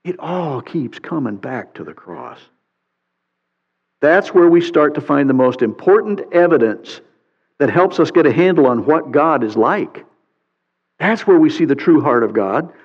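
Animated male pastor in a reverberant hall. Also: on the high side, unhurried, slightly rough. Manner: animated, reads scripture with playful sarcasm. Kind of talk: sermon. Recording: muffled sound with long hall reverb.

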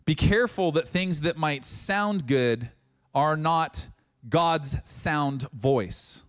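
Male pastor, high-pitched, animated sermon delivery with acted dialogue. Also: slow pace. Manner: animated preaching, acting out dialogue in voices.

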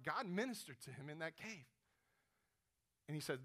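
A man preaching a sermon, retelling a story with animated, dramatized prayers, rising to pleading and dropping to a hush. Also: fairly high pitch, normal speed, long pauses.

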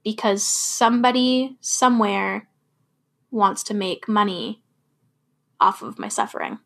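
A woman's voice: mid-range voice, unhurried, gravelly, fairly bright tone. A woman hosting a personal talk about quitting alcohol, speaking emphatically and repeating firm affirmations. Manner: emphatic, repetitive affirmations, swears freely. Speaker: podcast host. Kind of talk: personal sobriety talk with spoken-word poem.

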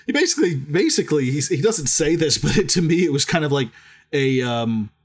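A man's voice: fairly high pitch, big pitch swings, a little fast. A man co-hosting a podcast, chatting casually about a book, rambling with lots of restarts and frequent laughter. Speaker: podcast co-host.

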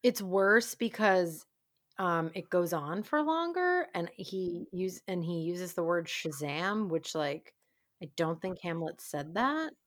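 Woman podcaster recapping an episode, lowish voice, says like a lot, laid back. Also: takes it slowly. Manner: chatty, relaxed, uses lots of "like". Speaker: podcast co-host. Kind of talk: casual episode recap chat.

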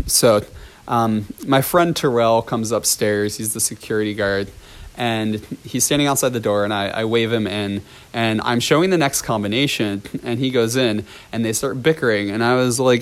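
A man's voice: medium pitch, moderate pace, a bit bright, smooth. A young man, a ballet teacher, telling a story from his class in a casual, rambling way with many fillers and restarts.

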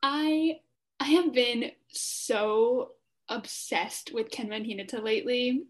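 Gushing young woman, higher voice. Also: slow pace. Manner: enthusiastic, gushing, heavy use of "like". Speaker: podcast co-host. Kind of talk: casual fan chat.

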